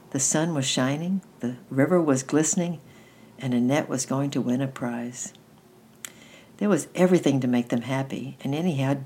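Storytime reader, woman, unusually deep low voice, gentle steady read-aloud. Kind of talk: reading a children's book aloud.

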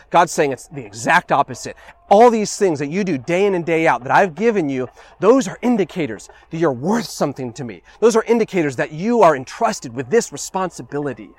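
A man preaching a sermon earnestly, asking the listeners questions, repeating phrases and dropping to a hush on key words. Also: fairly high pitch, lively intonation, quick pace, dry recording. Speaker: pastor.

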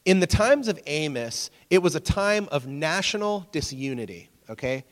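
A man's voice: a little high, sing-song, normal speed. A man, preaching a casual, conversational sermon, asking his audience questions and joking with them. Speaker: pastor. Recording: long hall reverb.

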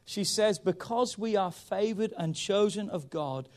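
A male pastor preaching a sermon, emphatic and urging, often saying "come on" and swinging between loud pushes and quiet stretches. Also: high voice, unhurried. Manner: emphatic, repeats "come on", rises and drops in volume.

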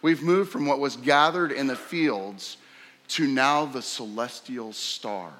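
A man preaching a sermon, emphatic and fond of rhetorical questions, sometimes jumping sharply higher to act out a scornful voice. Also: slow, fairly bright tone. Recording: long hall reverb.

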